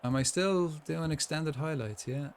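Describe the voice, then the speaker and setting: A man's voice: on the high side, measured pace, clear, resonant tone. A young man chatting casually while commentating his own football management game, rambling with lots of asides. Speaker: gaming streamer.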